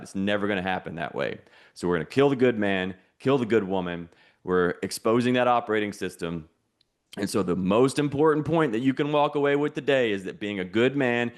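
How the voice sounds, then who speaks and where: A man hosting an online challenge, teaching in a preachy, repetitive way with call-and-response lines. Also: on the low side. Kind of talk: motivational teaching.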